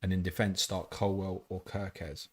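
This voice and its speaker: A man's voice: low voice, little pitch movement, normal speed, darkish tone. A man hosting a live fantasy football stream, reading out chat questions and answering them bluntly, with casual swearing. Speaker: fantasy football livestream host.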